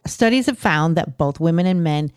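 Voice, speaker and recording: A woman with a low, sultry voice co-hosts a casual podcast. She giggles often and reads items off a list. The sound is dry and close. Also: animated, moderate pace, smooth, dry recording. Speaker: podcast co-host. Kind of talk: casual chat.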